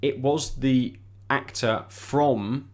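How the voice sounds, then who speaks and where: Male podcast co-host with a mid-pitched voice, hesitant and thinking aloud. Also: very slow. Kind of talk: casual chat.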